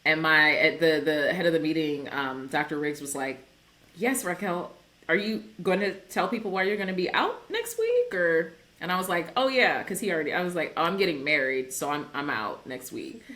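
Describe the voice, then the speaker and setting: A woman's voice: low-pitched, moderate pace. A woman in her thirties, a clinical psychologist, talking candidly on a video call and acting out voices in her stories. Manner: animated, laughs, acts out quoted voices. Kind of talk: candid conversational storytelling.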